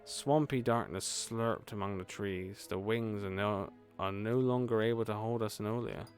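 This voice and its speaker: A man's voice: lowish voice, normal speed, faint music behind. A man, a gaming streamer, reading a horror visual novel aloud with casual, swearing asides.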